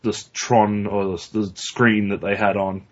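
A man's voice: lowish voice, little pitch movement, normal speed. A man co-hosting a podcast in casual chat, blunt and profane, rambling with restarts. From Australia. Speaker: podcast co-host. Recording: dull lo-fi recording.

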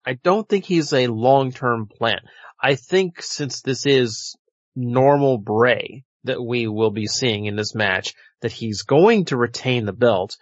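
A man with a mid-pitched voice rambles wryly through a casual chat, often stopping to restart. His audio is dry and muffled, with a lo-fi quality. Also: takes it slowly, no echo. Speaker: podcast co-host. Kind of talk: casual wrestling prediction chat. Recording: dull lo-fi audio.

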